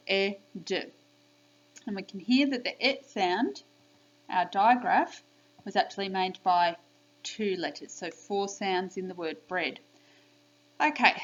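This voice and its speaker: A woman teacher giving a spelling lesson by video to young children, clearly sounding out letters and praising them. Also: medium pitch, muffled recording. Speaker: primary school teacher.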